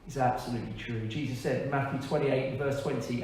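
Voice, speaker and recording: A man, a pastor, giving a frank, earnest testimony in a church service, with pauses and hesitations. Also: mid-range voice, steady tone, a little mellow, slight background noise. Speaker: church pastor on leave, interviewee. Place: large echoey church hall. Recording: echoey hall, distant mic, faint ambience.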